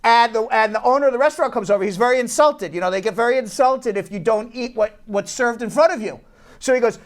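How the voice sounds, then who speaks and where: A man's voice: extremely high pitch, fast talker. A man hosting a casual talk show from a law office, telling stories animatedly and often repeating words as he restarts. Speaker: host, immigration attorney.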